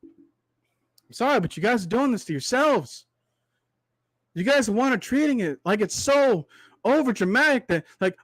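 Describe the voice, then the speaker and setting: A man's voice: very high-pitched, expressive, no room sound. A young man hosting a livestream, delivering a preachy ranting monologue full of rhetorical asides, his voice tiring from talking so long. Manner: preachy, repetitive rhetorical asides, drawn-out extended metaphor. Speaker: livestream host.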